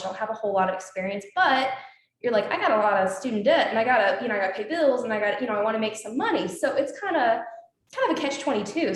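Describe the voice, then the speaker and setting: A woman's voice: mid-range voice, a little hiss or hum. Young woman chatting away as a guest, lots of "like" and "um", echoey room. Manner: chatty storyteller, many fillers and quoted dialogue. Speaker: alumni guest. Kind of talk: casual interview chat.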